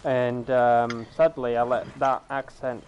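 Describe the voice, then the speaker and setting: A man's voice: medium pitch, flat delivery, takes it slowly, a little mellow, lo-fi sound, a little hiss or hum. A man streaming a game, chatting casually on a headset mic in a rambling way, with lots of fillers and restarts. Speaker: gaming streamer. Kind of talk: casual chat over gameplay. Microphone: gaming headset.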